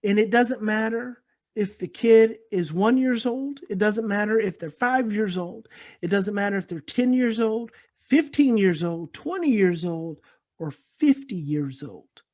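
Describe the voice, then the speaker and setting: A man lectures on parenting and walks the audience through a personal story. His delivery is earnest and unhurried, and he circles back to repeat his key points. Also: high voice. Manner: earnest, repetitive, explains calmly. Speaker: speaker on parenting and attachment.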